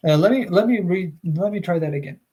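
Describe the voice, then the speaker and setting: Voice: mid-range voice, a little fast, warm tone. A streamer reading a book aloud on a livestream, chatting casually and rambling with many fillers.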